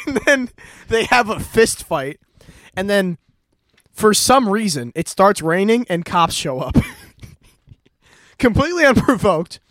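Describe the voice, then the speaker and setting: A man's voice: sits high, very animated, takes it slowly, a bit bright, no echo, clean studio sound. A man casually retelling a plot in a rambling way, laughing often and swearing freely. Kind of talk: casual chat.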